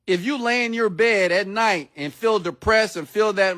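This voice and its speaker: A man's voice: high voice, moderate pace, a bit bright. A man giving a motivational sermon-style talk, blunt and preachy, who swears freely and repeats himself for emphasis. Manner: addresses listeners directly with questions. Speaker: motivational speaker.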